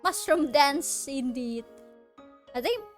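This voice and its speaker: A woman streaming a video game, chatting casually, giggly and excitable. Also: high-pitched, takes it slowly, soft background music. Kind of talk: casual let's-play commentary.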